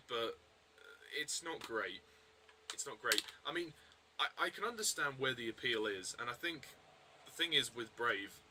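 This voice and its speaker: A man's voice: mid-range voice, pushed and bright, slight background noise, low-quality recording. A man giving a casual, rambling film review, full of hesitations and restarts.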